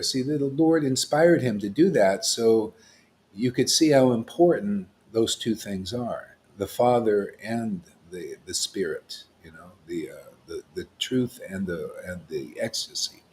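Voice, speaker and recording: A man's voice: fairly low pitch, expressive, unhurried, darkish tone, a little hiss or hum. A man giving an informal spiritual talk as a teacher, rambling and often checking in with "see?" and "you know.".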